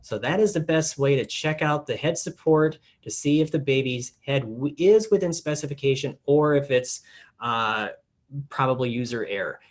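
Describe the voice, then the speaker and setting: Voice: medium pitch, expressive, normal speed. Trainer walking through steps one by one. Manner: step-by-step explaining, casual filler words. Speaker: product support trainer. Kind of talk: instructional product demonstration.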